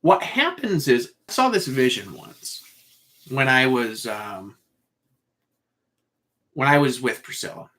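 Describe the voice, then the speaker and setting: A man's voice: mid-range voice, very animated, takes it slowly, pauses often, bright, forceful tone. A man telling a long personal story in a loose, meandering way, full of "like" and "uh". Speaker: speaker sharing a spiritual vision.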